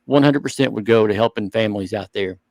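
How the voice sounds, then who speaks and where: A man co-hosting a hobby talk show, speaking earnestly and thinking out loud in casual chat. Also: lowish voice, fast, no echo. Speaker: show co-host.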